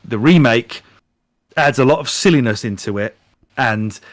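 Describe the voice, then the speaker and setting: A man co-hosting a podcast in casual chat, animated and swearing freely while retelling things. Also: mid-range voice, moderate pace, no echo, clean studio sound. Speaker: podcast co-host. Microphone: podcast microphone.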